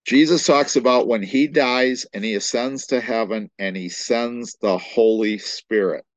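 A man's voice: mid-range voice, measured pace, no room sound. A man preaching a sermon, emphatic and repetitive, quoting scripture and often restarting his phrases.

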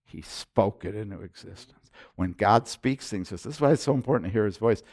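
A man preaching a sermon, moving from loud emphatic lines to quiet, hushed ones. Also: lowish voice, animated, brisk. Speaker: pastor.

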